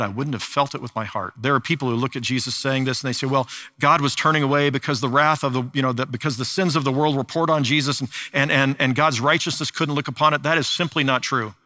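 An older man preaching a sermon, earnest and slow at the weighty lines, with frequent restarts. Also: medium pitch, bright, forceful tone. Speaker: pastor.

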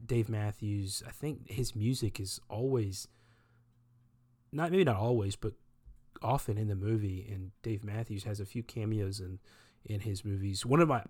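A man's voice: lowish voice, darkish tone. Rambling male podcast host. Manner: rambling, self-correcting, laughing at his own retellings. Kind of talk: casual movie-talk monologue.

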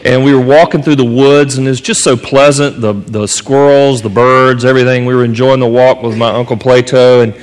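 A pastor from North Carolina preaching a sermon, telling a story earnestly and rising in pitch at the dramatic moments. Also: male voice, steady tone, fairly quick, few pauses. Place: church sanctuary. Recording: long reverb of a church hall.

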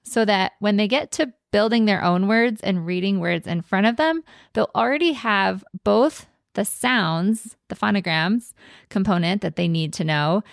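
A woman of middle pitch with a gravelly, fry-tinged voice talks earnestly about teaching, often slowing down to stretch a word for emphasis. The sound is dry and close. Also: no room sound. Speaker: podcast host. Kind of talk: casual teaching talk.

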